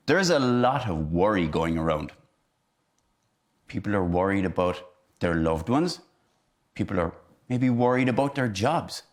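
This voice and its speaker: A man, a teacher giving a playful children's lesson about feelings and acting out each emotion. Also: medium pitch.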